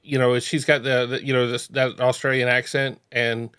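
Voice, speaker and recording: A man's voice: mid-range voice, flat delivery, moderate pace, fairly bright tone, smooth. A man hosting a casual chat show, talking in a rambling way with many restarts. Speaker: podcast host. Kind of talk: casual chat reacting to court videos.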